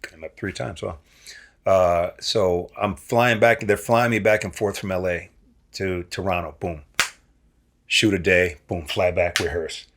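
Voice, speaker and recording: Gravelly low-voiced man telling stories. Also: a little slow. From Nebraska, USA. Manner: animated, acts out quoted voices with big pitch jumps. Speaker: guest actor. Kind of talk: casual storytelling.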